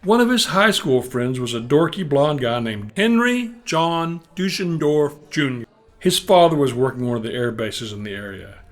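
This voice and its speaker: On stage before a live audience, a Texan musician and storyteller in his seventies spins a wry tale. His voice runs on the high side, with a sing-song lilt and a moderate pace.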